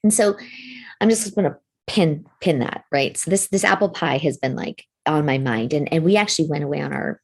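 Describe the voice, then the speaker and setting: A woman co-hosting a podcast, telling a personal story in a casual, animated way and swearing now and then. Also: sits low, brisk, vocal fry, husky. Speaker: podcast co-host.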